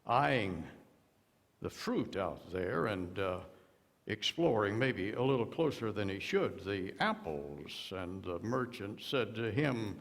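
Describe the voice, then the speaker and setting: A man's voice: mid-range voice, expressive, normal speed. A man preaching a sermon as a pastor, telling stories with quoted voices and touches of humor. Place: church sanctuary. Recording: long church reverb.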